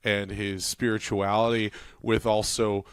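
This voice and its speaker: A man's voice: fairly low pitch, flat delivery, unhurried, smooth, no room sound. A man co-hosting a comedy podcast, rambling about films with easy laughter in casual banter. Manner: laughs easily, rambling and opinionated about movies. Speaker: podcast co-host.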